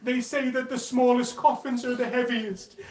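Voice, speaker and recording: A man's voice: extremely high pitch, level tone, normal speed, a little mellow. A man narrating a sad religious story to children with mournful, dramatic feeling in a mosque hall. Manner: mournful, dramatic narration building to anguished cries. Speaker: majlis speaker. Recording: echoey hall, mic at a distance.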